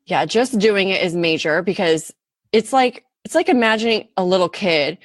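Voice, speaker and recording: A woman's voice: medium pitch, moderate pace, no echo, studio quality. A woman from Southern California chatting as a podcast guest, laughing often and acting out little quotes. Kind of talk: casual podcast conversation.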